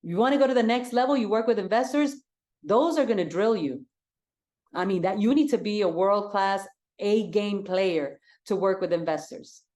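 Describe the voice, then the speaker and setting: An energetic woman coaching an audience with a direct, emphatic delivery. She sits at a mid pitch for a woman and hammers her key points home by saying them twice. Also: moderate pace. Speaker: real estate coach. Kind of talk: coaching talk.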